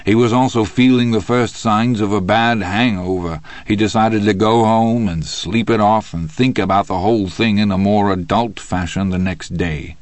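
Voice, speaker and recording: A man reading an audiobook in a steady, even storytelling manner. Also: fairly low pitch, normal speed, hardly any pauses, dry recording. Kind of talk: audiobook narration.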